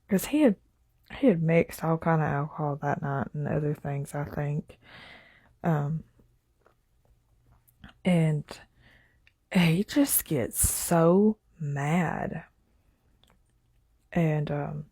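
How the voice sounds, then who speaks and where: A woman's voice: deep voice, dark tone, slightly rough, dry recording. A woman telling a story in a loose, rambling way, full of "like" and "you know" and laughing as she goes. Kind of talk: casual spoken storytelling.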